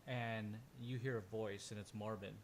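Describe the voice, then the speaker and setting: A man's voice: lowish voice, steady tone, moderate pace, a little hiss or hum. A man narrating as game master of a tabletop game, loose and rambling, with many restarts.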